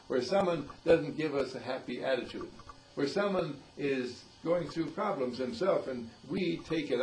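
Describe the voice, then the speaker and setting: Folksy male speaker, lively swooping delivery, laughs through his lines, faint hiss behind. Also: medium pitch, rough recording. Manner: chuckling often, animated, acts out quoted voices. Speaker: dean giving a short inspirational talk. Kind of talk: folksy inspirational talk.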